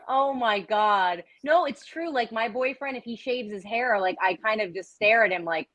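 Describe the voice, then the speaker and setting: A woman's voice: on the high side, animated, a little slow, fairly bright tone, dry recording. A woman joining a livestream chat as a guest on a video call, bubbly and supportive, often laughing.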